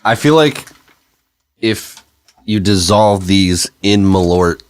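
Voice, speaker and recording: A man's voice: deep voice, expressive, slow, clear, resonant tone. A man co-hosting a casual podcast chat, dropping dry jokes.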